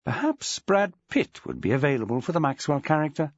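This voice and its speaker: A man's voice: a little high, very animated, a little fast, dry recording, muffled recording. A man narrating an audiobook in a dry, wry storytelling manner. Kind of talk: scripted narration.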